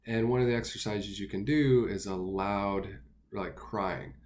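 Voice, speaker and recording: A man teaching singing basics in a relaxed, step-by-step way, pausing with fillers between his explanations. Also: on the low side, vocal fry. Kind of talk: instructional talk with sung demos.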